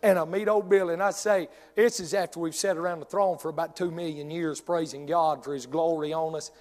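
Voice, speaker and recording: A man preaching a humorous storytelling sermon in a folksy, animated drawl. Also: fairly high pitch, a little fast.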